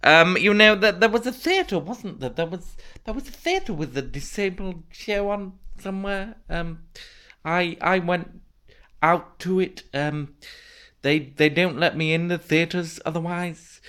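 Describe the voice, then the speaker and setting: A man's voice: high voice, lively intonation, unhurried, sharp tone, clean tone, exaggerated voice. A man playing a pompous, posh self-styled disability guru with a plummy, theatrical voice, who rambles and loses his thread. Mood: muttering. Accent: posh English. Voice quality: plummy, theatrical, calls everyone darling. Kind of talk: comic character monologue.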